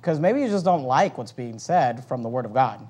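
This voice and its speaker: A man preaching a sermon in an animated, joking way, reading scripture aloud between his points. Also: mid-range voice, normal speed. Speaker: pastor.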